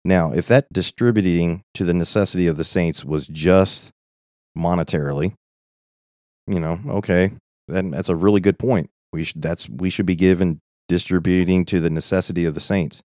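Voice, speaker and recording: A man's voice: sits low, steady tone, moderate pace, darkish tone, no room sound, clean studio sound. A man teaching an informal Bible study in an earnest, conversational way, often checking in with "okay?".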